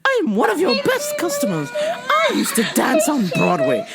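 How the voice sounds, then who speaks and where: A woman's voice: huge pitch swings, normal speed, over loud music, exaggerated voice. A woman voicing a haughty older woman customer who puts on a phony English accent, calling everyone darling. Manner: high, shrill, fussy, calls everyone darling.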